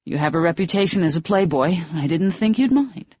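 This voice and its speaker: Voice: medium pitch, animated, a little fast, a little mellow, no echo, lightly acted. An audiobook narrator voicing a flustered, embarrassed young woman who keeps apologizing, in a raised, anxious voice. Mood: apologetic. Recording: dry, slightly dull audiobook recording.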